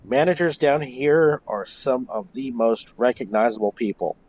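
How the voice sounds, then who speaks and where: A man, a wrestling historian, telling stories in a casual interview, animated and swearing freely. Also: medium pitch, normal speed. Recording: lo-fi voice chat.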